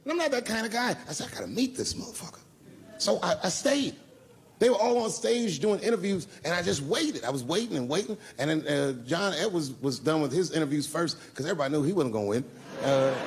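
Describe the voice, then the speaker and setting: A middle-aged man telling a profane, animated story as a stand-up comedian on a live stage. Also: fairly high pitch, noisy background. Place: live stage before an audience.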